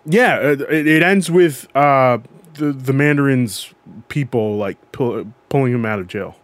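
A man's voice: medium pitch, measured pace, no room sound. Rambling podcast co-host man. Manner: rambling, self-correcting storyteller. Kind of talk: casual chat. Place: podcast recording.

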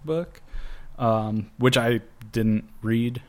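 A man in casual chat, talking slowly and rambling with lots of fillers. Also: medium pitch. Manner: slow, rambling, many fillers. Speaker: guest. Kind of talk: casual chat about comic books.

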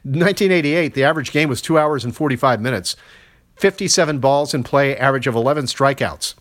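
A man's voice: medium pitch, fast talker, a bit bright. A man in his sixties hosting a sports podcast, giving solo baseball commentary in a conversational way, with wry asides and lots of statistics. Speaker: podcast host.

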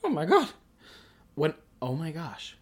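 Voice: mid-range voice, huge pitch swings, measured pace, breathy edge. A person in their early twenties hosting a casual solo podcast, rambling and chatty, often breaking into laughter and talking to themself. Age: early 20s. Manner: self-conscious, chatty, talks to self. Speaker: podcast host.

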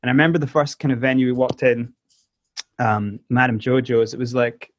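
Scottish man telling animated stories. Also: medium pitch, a little fast, no echo, lo-fi sound. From South Africa. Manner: animated storyteller who acts out quoted voices. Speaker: musician guest. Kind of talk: casual interview storytelling.

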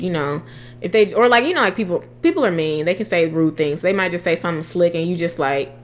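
A woman's voice: fairly low pitch, fairly quick. Earnest young woman talking about faith. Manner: earnest, animated, many restarts, slangy. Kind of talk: casual faith talk.

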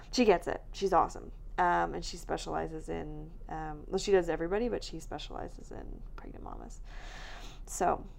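A woman's voice: on the low side, creaky, darkish tone, a little hiss or hum. A young woman co-hosting a podcast, chatting casually with lots of filler words, tired and yawning from recording late. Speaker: podcast co-host. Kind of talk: casual chat.

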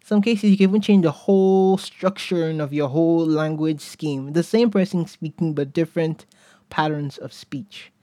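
A man's voice: fairly high pitch, normal speed, mellow, no echo, studio quality. A man hosting a solo podcast, musing casually, often chuckling and trailing off before picking his thought back up. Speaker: podcast host.

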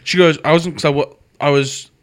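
A man in his twenties rambling excitedly through a story in casual chat with friends. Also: a little high, a little fast. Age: 20s.

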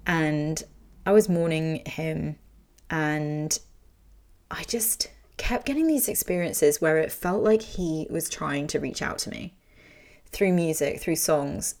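A woman's voice: low-pitched, slow pace, a little mellow. A young adult woman candidly telling an emotional personal story, speaking frankly and swearing freely.

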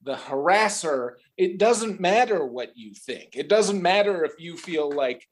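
A man's voice: high-pitched, animated, measured pace. A man hosting a political podcast, talking casually and sarcastically, often mimicking others in exaggerated voices. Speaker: podcast host.

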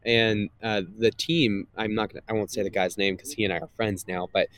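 A man's voice: on the low side, steady tone, a little fast, a bit bright. A man, a guest and content creator, chatting casually in an interview with a slightly nasal voice, rambling with many fillers and restarts.

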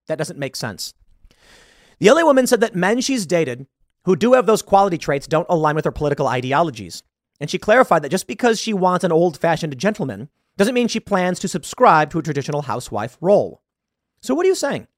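A man's voice: high voice, sing-song, normal speed, no room sound, clean studio sound. A man hosting a commentary show, reading out a news story and mocking it with sarcastic asides. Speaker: show host.

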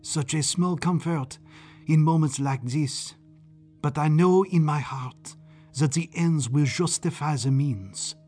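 A man voicing a somber, secretive older gentleman with a French accent, speaking low, distant and resonant. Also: slow, breathy edge, faint music behind. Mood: weary, resigned.

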